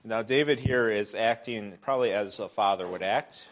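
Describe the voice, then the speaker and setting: A middle-aged man with a very low voice teaches a Sunday School Bible lesson. He talks in a loose, conversational way, with fillers and restarts, from a church classroom. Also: moderate pace.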